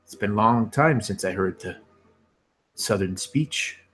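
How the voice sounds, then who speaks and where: A man voicing a wise older male ranger who speaks in a measured, formal way. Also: lowish voice, expressive, fairly bright tone, slightly rough, heavily acted.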